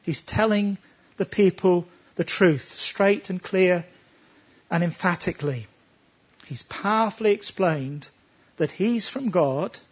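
A man's voice: high-pitched, slow pace, slightly rough, muffled recording. A man preaching a sermon, talking emphatically and pressing his listeners with rhetorical questions.

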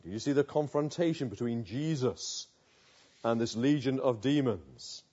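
A man's voice: medium pitch, expressive, a little slow, warm tone, breathy edge, muffled recording. A man preaching a sermon, building vivid pictures through repeated rhetorical questions.

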